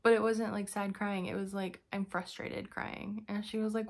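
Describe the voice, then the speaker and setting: A woman's voice: mid-range voice, little pitch movement, normal speed, gravelly. A young woman giving a casual vlog update, telling a story in a chatty, exasperated way with sighs and fillers. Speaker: vlogger.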